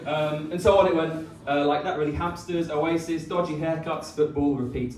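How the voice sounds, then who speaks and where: A man's voice: fairly high pitch, fairly even intonation, darkish tone, a little hiss or hum. Teasing man giving a wedding speech. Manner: teasing, with many ums and pauses. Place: wedding reception hall. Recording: echoey room, mic from far off.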